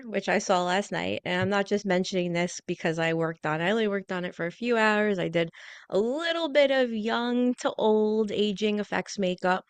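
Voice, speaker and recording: A woman with a clear, resonant, mid-range voice hosts a radio interview in a studio, chatting enthusiastically and often saying "like." The recording is dry, and the exchange is a casual interview conversation.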